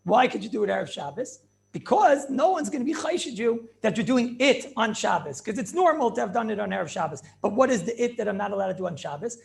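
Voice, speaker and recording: Animated rabbi, high gravelly voice. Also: male voice, fast talker. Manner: animated questioning, answers his own questions, repeats phrases. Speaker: rabbi teaching a class. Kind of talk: Talmudic class lecture with back-and-forth questions.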